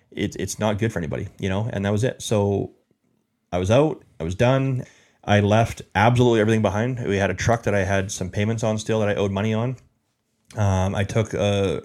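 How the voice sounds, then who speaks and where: A man's voice: fairly low pitch, a little mellow. A man telling his life story as an interview guest, rambling with lots of fillers and repeats.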